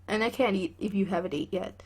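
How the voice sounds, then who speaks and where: A woman's voice: medium pitch, brisk, a little mellow, slightly rough, natural voice. A woman reading a friendly teen heroine. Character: polite, upbeat teen girl, the heroine.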